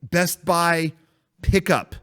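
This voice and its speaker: A man's voice: a little high, very slow, fairly bright tone, clear, resonant tone. A man co-hosting a casual podcast, telling a rambling story with frequent swearing. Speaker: podcast co-host.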